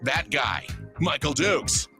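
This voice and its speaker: A man's voice: on the high side, expressive, takes it slowly, vocal fry, exaggerated voice. A man doing a wry, self-mocking announcer intro for a radio talk show. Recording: intro over loud music, slightly distant.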